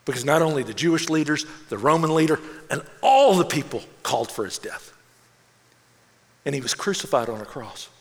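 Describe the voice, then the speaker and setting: A man preaching a sermon as an animated storyteller, acting out the voices in his story and dropping to a hush for solemn moments. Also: fairly high pitch, fairly quick, long reverb tail. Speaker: pastor.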